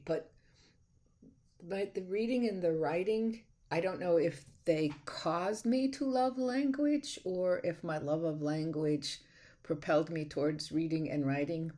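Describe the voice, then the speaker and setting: A woman's voice: low voice, unhurried, warm tone. A middle-aged woman giving a recorded lecture as a college instructor, chatty and enthusiastic, often restarting her sentences.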